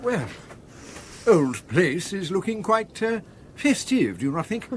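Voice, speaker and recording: An actor playing a mild, fussy husband who hesitates, stammers and tries to placate. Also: male voice, sits high, big pitch swings, measured pace, a little hiss or hum. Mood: placating. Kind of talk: radio drama acting.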